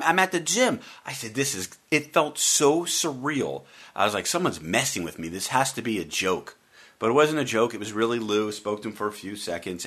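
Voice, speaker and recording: Male sports radio host with a bright, punchy voice, riffing wryly on the week's games. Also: medium pitch. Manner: wry, joking and animated, with playful mock voices. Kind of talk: solo sports talk commentary.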